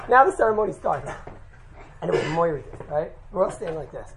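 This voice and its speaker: Man, religious class teacher, animated storyteller; gravelly voice; peppers talk with Yiddish terms; live audience audible. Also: high-pitched, fast, a crowd in the background, rough recording. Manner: lively anecdotal delivery with frequent laughs and "right?" asides; sprinkles Yiddish and Hebrew terms.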